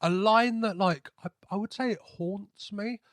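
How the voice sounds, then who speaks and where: Rambling podcast host, higher man's voice. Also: measured pace, a bit bright. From half Greek. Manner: rambling, many fillers and restarts. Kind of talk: casual interview chat.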